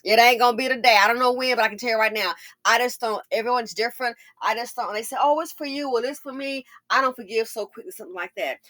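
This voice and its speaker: A woman giving casual commentary on a news story, animated and talking straight to her viewers. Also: on the high side, quick pace, few pauses. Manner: animated, addresses viewers directly.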